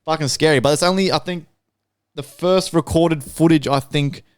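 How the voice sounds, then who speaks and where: A man co-hosting a podcast, crude and swearing heavily as he tells animated stories. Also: a little high, moderate pace, clear, resonant tone, dry recording. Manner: crude, heavy swearing, animated storytelling with laughs. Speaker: podcast co-host. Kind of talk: casual chat.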